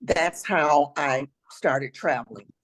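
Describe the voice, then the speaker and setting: An older woman with a raspy voice, a retired teacher telling travel stories as an interview guest, now and then clearing her throat. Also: deep voice, takes it slowly, rough recording. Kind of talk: storytelling interview answers.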